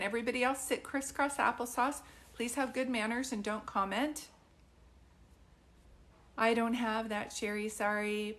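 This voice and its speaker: A chatty woman hosting a livestream as a medium, her voice sitting a little high. She talks informally into a phone or computer mic, often pausing with ums and calling people sweetie. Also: fairly bright tone. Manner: chatty, addresses viewers as sweetie, many ums. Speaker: psychic medium doing live readings. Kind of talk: livestream chat with viewers.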